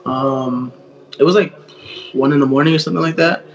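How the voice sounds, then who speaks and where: A man's voice: on the high side, fairly even intonation, a little fast, lo-fi sound, a little hiss or hum. Slangy young man telling a story. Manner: slangy, many fillers, retells quotes. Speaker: guest artist. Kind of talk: casual storytelling.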